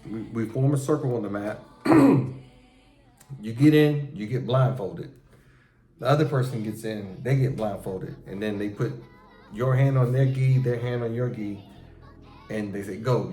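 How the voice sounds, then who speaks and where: A middle-aged man hosting a casual chat with his son, telling profane, animated stories about his past and acting out how he reacted. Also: mid-range voice, unhurried. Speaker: show host talking with his son. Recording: echoey room with faint music.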